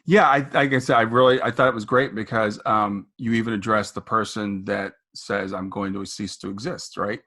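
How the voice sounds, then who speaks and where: A man's voice: on the low side, steady tone, moderate pace, few pauses, sharp tone. A man hosting a podcast interview, talking in an engaged and affirming way. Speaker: podcast host. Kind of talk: casual interview conversation.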